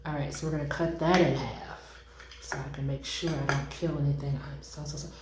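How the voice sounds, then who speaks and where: A young woman chatting casually to viewers while cooking and tasting food in her home kitchen, excitable and informal. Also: rumbling low, fairly quick, reverberant, a crowd in the background, low-quality recording.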